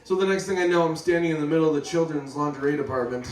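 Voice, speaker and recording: A man's voice: a little high, racing, recorded from a distance, heavy background noise. Profane rambling stand-up comedian man. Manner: rambling, profane, self-mocking. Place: comedy club stage. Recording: roomy club sound from off-mic, loud crowd laughter. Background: audience laughing.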